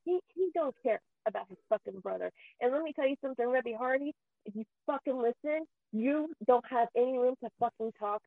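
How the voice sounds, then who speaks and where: A woman rants angrily and emotionally, swearing and sounding close to tears. Her voice is a little high, creaky, and a little fast with lively intonation, and the recording is dry and tinny, like a phone.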